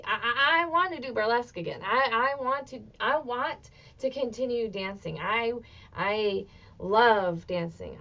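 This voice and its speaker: A woman in her thirties hosts a motivational solo podcast, talking expressively and dropping swear words freely. Her voice has a gravelly fry, sits at a middling pitch, and comes through slightly dull and lo-fi. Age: 30s. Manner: expressive, swears freely, swings into excited outbursts. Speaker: podcast host.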